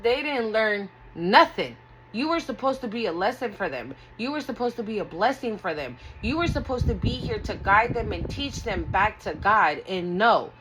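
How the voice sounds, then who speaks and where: A woman's voice: mid-range voice, a bit bright, a little hiss or hum, low-quality recording. A woman giving a casual tarot reading, talking bluntly and emotionally with lots of swearing. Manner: blunt, profane, emotional and earnest. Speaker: tarot reader.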